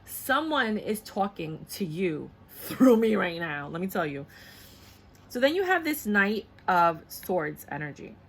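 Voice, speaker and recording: A woman doing a casual tarot reading to camera, blunt and animated, slipping into voices as she goes. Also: medium pitch, measured pace, slightly rough. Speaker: tarot reader.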